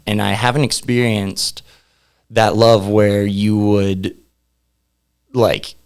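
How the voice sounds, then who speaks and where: A man's voice: on the low side, flat delivery, takes it slowly, darkish tone, clean tone. A young man, a podcast guest, chatting casually in a laid-back, rambling way and laughing often. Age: young adult. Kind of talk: casual interview chat.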